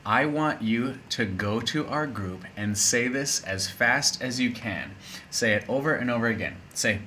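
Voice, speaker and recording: Playful male English teacher, bright voice. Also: mid-range voice, measured pace, slight background noise. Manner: playful, chatty, with spoken asides. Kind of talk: casual video lesson.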